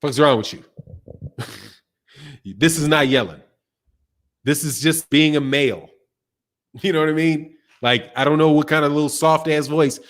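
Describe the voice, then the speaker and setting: Male live-stream host; loud, brash, profane delivery with frequent laughter; voice sits somewhat high. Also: a little slow, long pauses. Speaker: boxing channel host. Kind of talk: casual live-stream rant.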